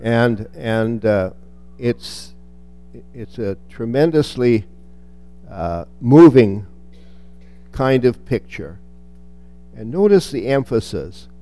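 A man's voice: medium pitch, animated, slow pace, dark tone, faint music behind. A man reading a Bible passage aloud and then commenting on it in a reflective teaching style, with restarts and touches of dry humor.

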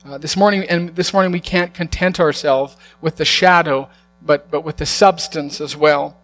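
A man preaching a sermon to his congregation, earnest and slowing down to stress key lines. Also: fairly high pitch, steady tone, a bit bright, faint music behind. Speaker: pastor.

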